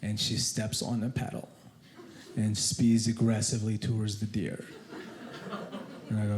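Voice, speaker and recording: A man with a foreign accent doing animated stand-up storytelling with deadpan asides on a comedy club stage. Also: fairly low pitch, a little slow, long pauses. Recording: echoey club with loud laughter.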